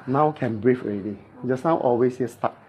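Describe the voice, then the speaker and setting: A chiropractic therapist with a Malaysian English accent, instructing a client in clipped, playful phrases during treatment and mimicking cracking sounds. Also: male voice, medium pitch, lively intonation, measured pace, a little mellow, muffled recording, a little hiss or hum.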